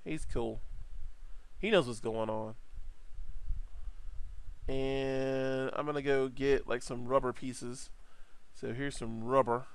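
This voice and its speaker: A man's voice: mid-range voice, steady tone, takes it slowly, long pauses. Playful rambling male tutor. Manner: playful, rambling, jokey asides. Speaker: 3D art tutor. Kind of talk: casual software tutorial.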